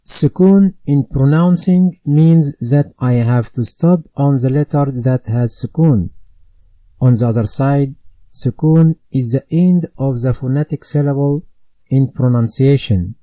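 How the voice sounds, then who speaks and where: Slow, methodical male recitation teacher. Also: medium pitch, warm tone, no echo. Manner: methodical, spells out letters and vowel marks one by one. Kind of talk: slow step-by-step instruction.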